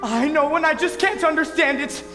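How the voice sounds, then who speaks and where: An earnest, lovestruck groom, played by a young man, with a very high, pleading voice. The pit band plays clearly under him, and the room gives off a roomy echo. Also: moderate pace. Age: teens. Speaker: Robert, the groom. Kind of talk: high school stage musical. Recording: roomy stage sound in an auditorium, pit music.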